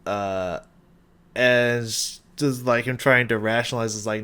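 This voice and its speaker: A man hosting a casual reaction video, excitable, swearing often and laughing between thoughts. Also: mid-range voice, a little slow, smooth.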